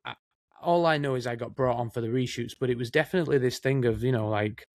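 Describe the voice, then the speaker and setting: A chatty Northern English man talks films in a loose, rambling way, his pitch sitting in an ordinary middle range. The sound is dry and close, with no room around it. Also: fast, dry recording. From Northern England. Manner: chatty, rambling, says mate often. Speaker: co-host, film production assistant. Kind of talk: casual film chat.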